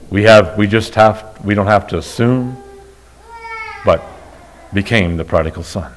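A male pastor preaching a sermon in church, moving from quiet, slow storytelling to loud, high-pitched, impassioned preaching. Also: animated. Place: church sanctuary.

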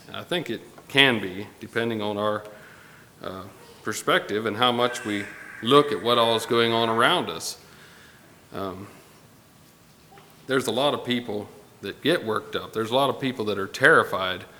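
A man preaching a Sunday morning sermon to his congregation, unhurried and pausing often with fillers. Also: lowish voice, sharp tone, slight background noise. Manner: unhurried, pausing with fillers, reading scripture aloud. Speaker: pastor. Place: church sanctuary. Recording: long hall reverb with faint ambience.

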